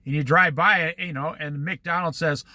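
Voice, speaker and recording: A man's voice: fairly high pitch, steady tone, normal speed, pushed and bright, dry recording. A man talking casually to camera outdoors near the shore, a chatty storyteller who drifts into moralizing asides. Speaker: vlogger. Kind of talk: casual vlog monologue.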